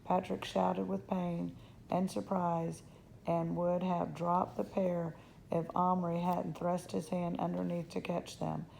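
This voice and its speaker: A woman reading a children's novel aloud in steady storytelling, now and then slipping on a word. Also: lowish voice, slow, gravelly, a little hiss or hum, low-quality recording. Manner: steady storytelling, slips on words. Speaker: reader.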